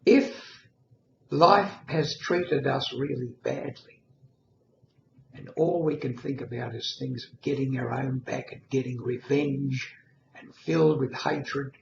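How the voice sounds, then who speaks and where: A man giving a storytelling talk, animated, shifting pitch and loudness. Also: unhurried, creaky, a little hiss or hum. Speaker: speaker. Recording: echoey room, dull lo-fi sound.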